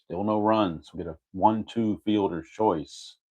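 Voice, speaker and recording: Deep-voiced man narrating a tabletop baseball replay. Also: fairly even intonation, measured pace, mellow. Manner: methodical, reads out dice and chart results, corrects himself. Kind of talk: casual play-by-play of a dice game.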